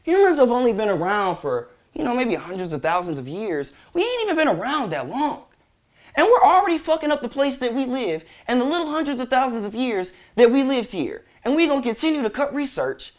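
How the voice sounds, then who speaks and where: Exasperated swearing man with lively pitch. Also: brisk. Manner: exasperated, incredulous, heavy swearing. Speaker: commentary show host. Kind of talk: profane ranting commentary.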